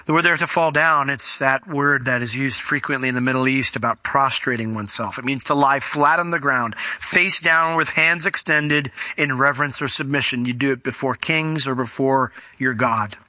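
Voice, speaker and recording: A man preaching a sermon, explaining a Bible passage and acting out the voices of the people in it with lively swings in pitch. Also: moderate pace, hardly any pauses, no echo. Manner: animated, acts out voices of the people in the story. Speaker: pastor.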